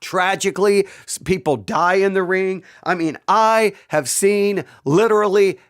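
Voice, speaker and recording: A middle-aged man hosting his own channel, excitedly telling a story in casual talk and often repeating himself. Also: sits high, a little slow. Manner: animated, repeats himself, breaks into laughter. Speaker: channel host.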